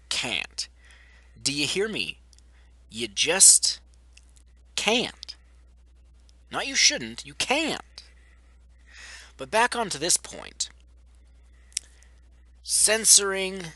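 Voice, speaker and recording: A young man rants to his viewers in a sarcastic, profane way. He talks at an unhurried pace, his voice bright and cutting, and his pitch swings a lot. The recording is dry and close, with no room sound. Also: dry recording. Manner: sarcastic, blunt and profane, with mocking mimicry. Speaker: vlogger. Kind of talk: ranting commentary to camera.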